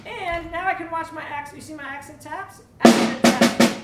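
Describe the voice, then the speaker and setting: Woman percussion clinician, high voice, far from the mic in a roomy hall, conversational and quizzing. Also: fairly even intonation, normal speed, loud music behind the voice. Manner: chatty, quizzes the audience with "right?". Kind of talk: live drum clinic teaching. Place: large echoey hall with audience. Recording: roomy live hall, distant mic, loud drumming.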